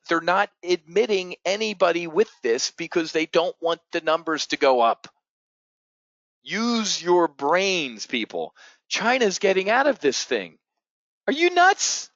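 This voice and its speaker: A trading show host runs a live market show with a blunt, profane rant, swinging from loud outbursts to low mutters. His creaky voice is bone-dry with no room sound or echo, and the stream audio is dull and lo-fi.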